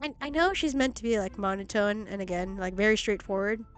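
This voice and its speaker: A young woman streaming a video game who gushes excitably, swears freely, and reads the game text aloud. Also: mid-range voice, brisk, soft background music. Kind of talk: casual gameplay commentary. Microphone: laptop stream mic.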